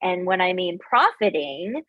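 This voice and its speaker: Woman podcast guest, husky voice, dry close sound, earnest, reflective. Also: fairly low pitch, sing-song, measured pace, no room sound, lo-fi sound. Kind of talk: casual interview chat.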